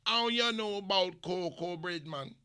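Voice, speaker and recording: A man's voice: high voice, a little slow, sharp tone, smooth, voice pushed up. A man putting on a wary male bakery worker, stalling in disbelief with repeated warnings. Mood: incredulous.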